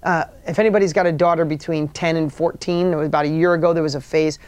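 A man's voice: fairly high pitch, steady tone, fast talker, darkish tone, clear, resonant tone, no room sound. A middle-aged man giving a motivational talk, earnest and rambling, often restarting his sentences. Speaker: motivational speaker.

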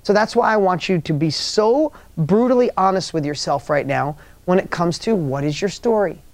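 A man's voice: sits high, expressive, moderate pace, no echo. A man leading a motivational workshop, telling stories emphatically and repeating key phrases to the audience. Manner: asks the audience rhetorical questions. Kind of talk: motivational seminar talk.

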